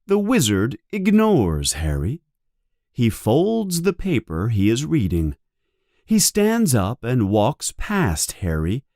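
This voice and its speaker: A man narrates a storybook in a clear, deliberate way for learners. He talks very slowly with widely rising and falling pitch. The recording is close and dry. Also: huge pitch swings, warm tone, dry recording. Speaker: audiobook narrator.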